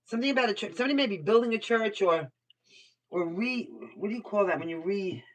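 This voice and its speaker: A woman's voice: mid-range voice, animated, brisk. An older woman from Brooklyn, giving a casual live tarot reading, blunt and chatty and swearing freely. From Brooklyn, New York. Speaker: tarot reader. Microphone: computer mic. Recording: voice somewhat far from the mic.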